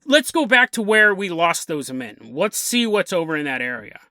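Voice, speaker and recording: A no-nonsense ship captain barking out orders, as a podcast host puts him on while telling the story. The voice is bright and brisk, recorded dry and close. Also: male voice, high-pitched, very animated, dry recording, pitched below the performer's own voice, heavily acted. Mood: commanding. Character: gruff male ship captain giving orders.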